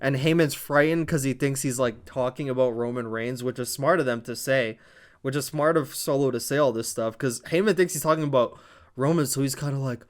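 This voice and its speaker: A man reviewing a wrestling show, giving a casual, animated blow-by-blow recap with some swearing. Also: medium pitch, moderate pace. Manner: animated, blow-by-blow retelling with profanity.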